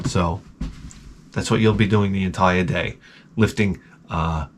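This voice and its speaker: A man's voice: sits low, fairly even intonation, measured pace, long pauses, slight background noise. Rambling, sarcastic man telling a story. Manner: rambling, sarcastic, gets loud and exasperated. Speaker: vlogger. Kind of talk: casual storytelling vlog.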